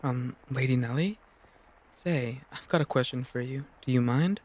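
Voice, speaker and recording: A man's voice: medium pitch, normal speed, a little mellow, lightly acted. A man voicing a frightened fourteen-year-old noble girl, anxious and scolding herself. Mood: probing.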